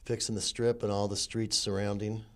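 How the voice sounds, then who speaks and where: A man co-hosting a casual podcast in a small office studio, making dry, low-key remarks. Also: level tone, normal speed, a little hiss or hum. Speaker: co-host.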